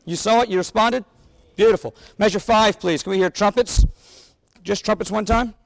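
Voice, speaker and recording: A man with a high-pitched, creaky voice speaks at a normal speed. He's a clinician running a wind band rehearsal, coaching the players energetically and singing rhythms on syllables, recorded with long reverb in a large hall.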